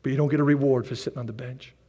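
A man preaching a sermon as pastor, animated, with repeated rallying phrases and joking asides. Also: mid-range voice, rapid-fire. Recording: long reverb of a large hall.

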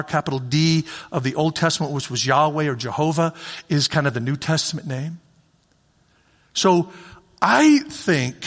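A man's voice: fairly high pitch, a bit bright. A man preaching a sermon as pastor, in a conversational way that repeats phrases for emphasis. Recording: long reverb of a large hall.

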